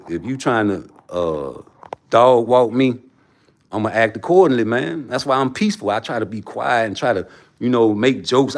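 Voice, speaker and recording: A man ranting on his livestream, profane and preachy, swinging between loud outbursts and low mutters. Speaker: livestream host. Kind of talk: heated casual rant.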